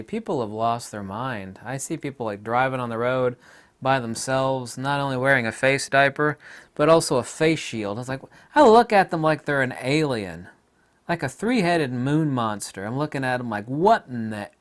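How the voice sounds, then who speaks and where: A middle-aged American man in a casual, ranting monologue, with sudden loud outbursts. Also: medium pitch. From United States. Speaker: video commentator.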